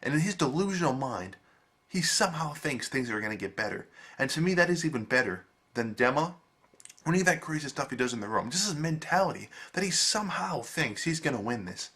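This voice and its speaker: Man, video reviewer, emphatic, swears freely, slightly raspy. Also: medium pitch, expressive, brisk, pushed and bright.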